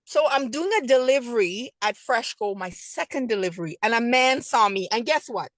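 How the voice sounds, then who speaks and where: A middle-aged woman talks as a guest in an interview, telling her business story with lively excitement and acting out each exchange. Her voice sits a little high. The sound is dry, with no room around it. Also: normal speed, hardly any pauses, dry recording. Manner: animated, excitable storyteller who acts out conversations. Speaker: guest, food business owner.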